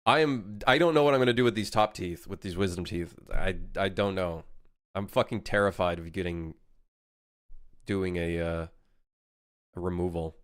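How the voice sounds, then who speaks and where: Low-voiced rambling male streamer. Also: normal speed, long pauses, dry recording, clean studio sound. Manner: rambling, swears freely, restarts sentences. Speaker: game developer streamer. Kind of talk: casual live-stream chat.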